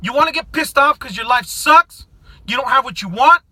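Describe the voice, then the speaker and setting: In a dry recording free of room echo, a middle-aged American vlogger shouts and swears his way through an angry, confrontational political rant to camera. His voice is unusually high, sharp and bright, animated but at a normal speed.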